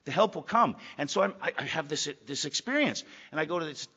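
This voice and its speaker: A man's voice: on the high side, lively intonation, fairly quick, pushed and bright. Blunt older man testifying in an echoey hall. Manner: blunt, emphatic, repeats phrases for weight; gruff and profane. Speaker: recovery meeting speaker. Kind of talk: personal testimony to a meeting. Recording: echoey hall, dull lo-fi sound.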